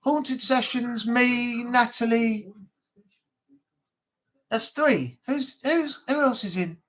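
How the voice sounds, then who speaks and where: A man's voice: very high-pitched, slow, fairly bright tone, low-quality recording. A man hosting a casual live-stream chat from home, rambling and chatty with lots of fillers. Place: home room.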